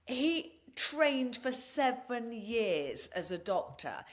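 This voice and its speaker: A woman guest on a podcast interview, telling her own story in a candid, blunt and animated way, swearing freely. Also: fairly high pitch, slow pace. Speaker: podcast guest and wellness practitioner.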